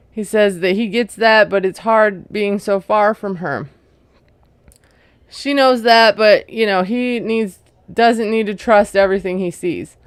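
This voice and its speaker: A woman talks through a reality show recap in a relaxed, chatty way, sprinkling in "like" and "you know". Her voice is smooth and clear at a mid pitch, recorded close and dry with no room sound. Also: dry recording. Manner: chatty, retelling scenes with lots of "like" and "you know"; amused, laughing at what she retells. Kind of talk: casual recap commentary.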